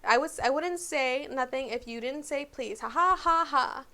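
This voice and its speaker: Woman reading aloud as a cackling poltergeist, sing-song, taunting, shrieks and bellows high, storybook reading. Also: normal speed, a bit bright. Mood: bellowing gleeful.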